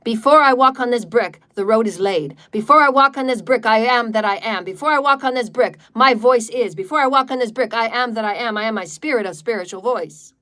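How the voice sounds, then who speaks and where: A woman's voice: fairly high pitch, fairly quick, few pauses, a bit bright. A woman leading a livestreamed healing meditation in a defiant, declarative way, repeating chant-like lines and swearing freely. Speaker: spiritual meditation leader.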